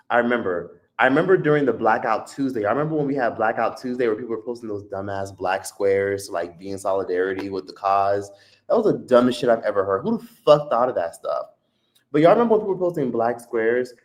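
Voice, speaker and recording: A man hosting a live stream, telling a profane, animated story in a casual rant. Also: mid-range voice. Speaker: streamer host. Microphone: streaming mic.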